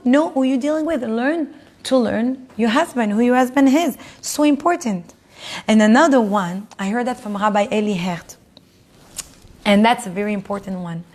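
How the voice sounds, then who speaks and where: A woman teaching a lively class to a live audience, who acts out quoted spouses in higher voices and laughs often.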